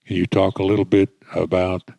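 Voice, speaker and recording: An older man, a retired military officer, interviewing a guest on stage in a measured, plain-spoken way. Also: sits low, little pitch movement, vocal fry, warm tone, no room sound. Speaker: interviewer, retired Marine general. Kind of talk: fireside chat on stage. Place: conference stage.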